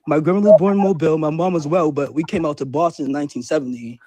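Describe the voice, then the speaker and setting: A man's voice: a little high, rapid-fire, dark tone. A man from Massachusetts calling into a live show, speaking hesitantly with fillers. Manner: hesitant, many fillers and restarts. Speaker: caller. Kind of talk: phone-in call.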